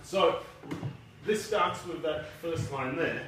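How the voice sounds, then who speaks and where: A man's voice: fairly high pitch, slow pace, background noise. A man, a debut novelist, giving a casual, self-deprecating speech and reading from his book at a launch. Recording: echoey room from a distance.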